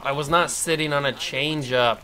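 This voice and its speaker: A man talking his way through a baseball video game in a casual, running monologue. His voice is bright and sits a touch high, and he mutters to himself, then flares up with frustrated outbursts. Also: steady tone, normal speed. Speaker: gamer. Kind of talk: casual gameplay commentary.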